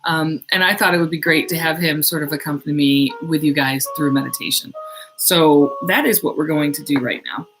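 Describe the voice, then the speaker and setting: A woman leading a slow, soothing guided meditation on a live stream, with piano playing behind her, recorded at home on a built-in device mic. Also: low voice, a bit bright, poor audio.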